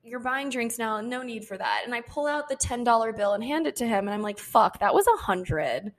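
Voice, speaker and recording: Young female podcast co-host, slightly high voice, lively casual storyteller who quotes others and breaks into laughter. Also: a little fast. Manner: animated, quotes people in her own voice, laughs often.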